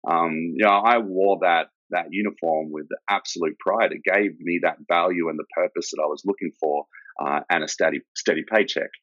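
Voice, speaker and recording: A man's voice: low-pitched, a little fast, fairly bright tone, no echo. An Australian man, middle-aged, a laid-back former soldier telling his story in a casual interview and swearing freely. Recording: dull, lo-fi and dry.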